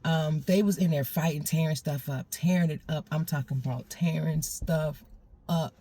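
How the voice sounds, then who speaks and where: A woman telling a personal story in a casual, animated way, laughing often and repeating phrases. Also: deep voice, normal speed, breathy edge.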